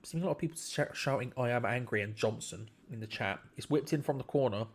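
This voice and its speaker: A man's voice: medium pitch, fast, slightly rough. A man hosting a live football watch-along, commenting on play to his chat in disbelief and laughing at bad defending.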